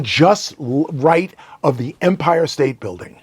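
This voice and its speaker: An older man, a longtime radio broadcaster, telling stories as an interview guest in an animated way and often checking in with "right?". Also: on the high side, takes it slowly, slightly rough, no echo. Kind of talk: casual storytelling interview.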